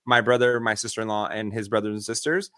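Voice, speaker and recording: A man co-hosting a podcast, chatting casually and telling animated stories with acted-out voices. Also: on the low side, fast talker, smooth, dry recording, clean studio sound. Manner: animated storyteller acting out voices. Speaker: podcast co-host. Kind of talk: casual chat.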